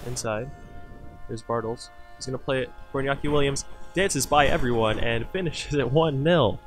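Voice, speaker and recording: A man with an ordinary mid-range voice commentates his own video game match as it unfolds, getting excited at goals and talking casually to his viewers. Soft music plays faintly behind him. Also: mid-range voice, normal speed. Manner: excitable, talks to viewers as "boys", cheers at players. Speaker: gaming channel host. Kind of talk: live gameplay commentary.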